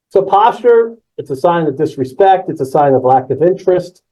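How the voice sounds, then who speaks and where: A man presenting a live webinar on presentation skills, energetic and emphatic, repeating key words and reacting to the chat. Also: on the high side, moderate pace, rough recording.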